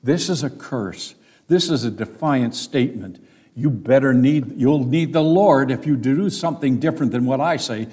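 A man's voice: medium pitch, expressive, measured pace, a little mellow, breathy edge. A man teaching through a Bible passage, stressing key words with firm emphasis. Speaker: pastor.

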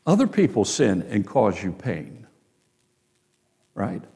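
A male pastor preaching a sermon, emphatic, with rhetorical questions and dramatic pauses. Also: fairly low pitch, big pitch swings, creaky, warm tone, husky.

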